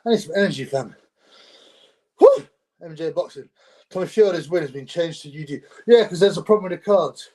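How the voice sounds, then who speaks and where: A young man chats loosely on his own livestream, rambling from topic to topic. His voice sits a little high for a man, and his talk is full of street slang and laughter. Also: animated, a little fast, long pauses, mellow. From United Kingdom. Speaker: livestream host. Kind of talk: casual solo livestream chat.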